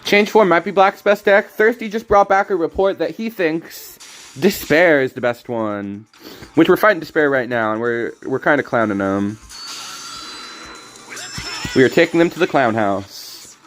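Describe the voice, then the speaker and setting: A young American man from the South, a streamer, casually comments on his card game while reading and answering chat. He's joking and chatty, with a slightly high, somewhat bright voice at a moderate pace.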